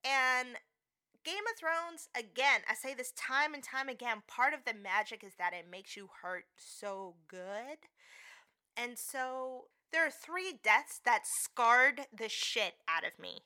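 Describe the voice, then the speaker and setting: A woman co-hosting a podcast in casual chat, profane and emphatic. Her voice is smooth and bright and sits fairly high. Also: takes it slowly. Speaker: podcast co-host.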